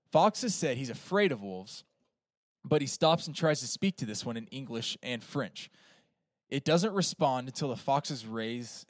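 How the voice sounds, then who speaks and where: Clean studio audio with no room sound captures a man of mid-range pitch reading a film plot summary for a podcast. He keeps the reading steady but uses fillers when tossing in offhand comments.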